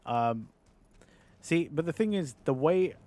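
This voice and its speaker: A man's voice: on the high side, lively intonation, slow, mellow. A man with a London accent chatting casually and swearing freely as he streams a game and answers chat. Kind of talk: casual chat while gaming.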